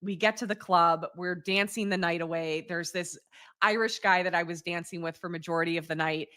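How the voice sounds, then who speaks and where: A woman in her thirties, hosting a show and telling a candid personal story in a lively, casual way, laughing often and swearing freely. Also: on the low side, fairly quick. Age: 30s. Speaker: podcast host.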